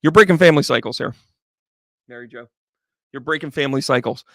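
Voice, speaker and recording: A man's voice: medium pitch, quick pace, gravelly, a bit bright, dry recording, studio quality. A man giving a chatty, upbeat live tarot reading, talking straight to viewers by name. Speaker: tarot reader.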